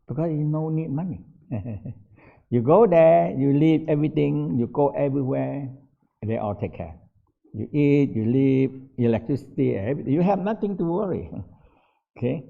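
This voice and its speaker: With a mid-range voice and vocal fry, an older non-native English speaker tells stories as a meditation teacher at a relaxed workshop. He laughs a lot and his grammar is broken, and the recording sounds dull and lo-fi.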